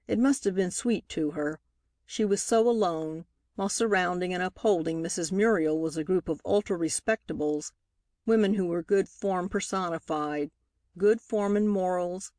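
Woman reading a novel aloud, low voice. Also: darkish tone, no room sound, clean studio sound. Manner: reads dialogue with lifted pitch for characters. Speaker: audiobook reader. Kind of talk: scripted narration of a novel.

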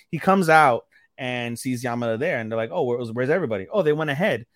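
A man's voice: medium pitch, a little fast, hardly any pauses, a bit bright, dry recording, clean studio sound. A man co-hosting a casual anime podcast, retelling episodes with swearing and acting out characters' lines. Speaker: podcast co-host. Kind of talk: casual anime recap chat.

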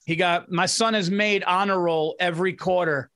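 A man with a somewhat high voice chats on a casual podcast. He tells his anecdotes in a rambling way, repeating himself and looping back as he goes. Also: fairly even intonation, moderate pace, pushed and bright. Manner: rambling, repetitive storytelling. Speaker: podcast co-host. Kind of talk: casual chat.

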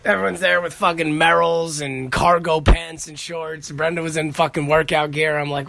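A man's voice: fairly high pitch, steady tone, moderate pace, gravelly, few pauses, fairly bright tone, slight background noise. A man, hosting a casual podcast monologue and telling rambling, profane stories. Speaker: podcast host.

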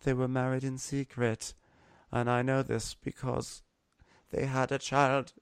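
A man's voice: medium pitch, level tone, measured pace, vocal fry, smooth, no echo, pitched above the performer's own voice. A man voicing a whiny, earnest young hero in a raised, pleading voice.

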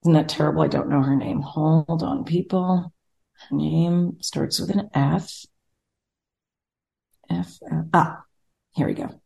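This podcast host, a young woman, has a low, warm, creaky voice with fairly even intonation. She talks slowly and pauses often while telling a rambling story in a casual chat, acting out others' quotes as she goes.

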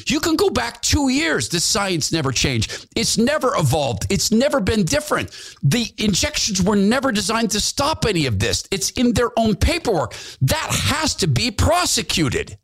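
Sitting high with big pitch swings and a fairly bright tone, this man's voice moves at a normal speed. He's a former radio host now running a talk podcast, and here he launches into a fervent opinion monologue, hammering phrases home through repetition.

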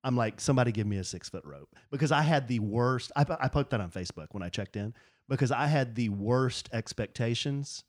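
Speaking briskly at medium pitch, a man co-hosting a podcast relates a story in relaxed conversation. He's animated and voices other people's lines as quotes while acting out what they told him.

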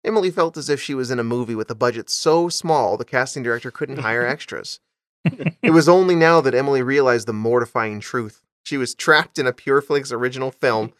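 Male podcast host, mid pitch, dramatic reader, dry studio. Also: brisk, few pauses, a bit bright, dry recording. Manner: reads with dramatic emphasis, breaks off to joke. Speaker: podcast host reading a story. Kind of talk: comedic dramatic reading with banter.

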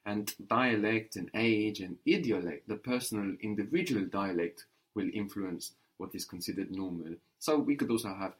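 A man teaching a language lesson, patiently repeating and modelling words. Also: fairly low pitch.

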